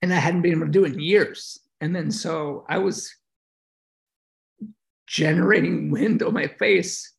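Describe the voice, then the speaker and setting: Speaking a little slowly, with a slightly high, creaky voice and long pauses, a middle-aged American veteran recounts his story as a podcast guest. The casual interview is reflective and emotional, full of fillers and false starts.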